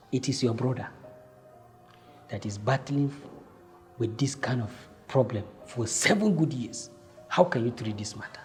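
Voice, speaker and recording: A man telling his own life story, acting out heated exchanges with lively swings in voice. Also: medium pitch, moderate pace, soft background music. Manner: animated, acts out heated exchanges. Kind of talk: personal storytelling.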